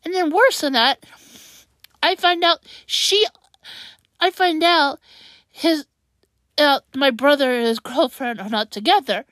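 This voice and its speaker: A woman's voice: high-pitched, slow, long pauses, a bit bright, dry recording. A woman hosting a personal podcast monologue, emotional and rambling, stumbling over her words while upset and close to tears. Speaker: podcast host.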